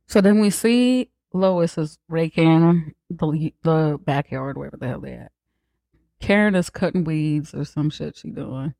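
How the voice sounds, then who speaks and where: A podcast host giving a casual, profane, joking recap of a movie, acting out characters' lines in quick asides. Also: medium pitch, creaky, warm tone, dry recording.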